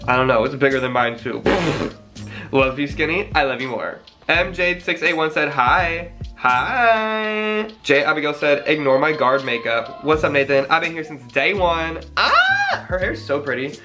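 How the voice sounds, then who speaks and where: A man's voice: a little high, over music. A young man reading out fan messages in a gushing, dramatic casual chat. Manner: gushing, dramatic, quick gasps and sighs.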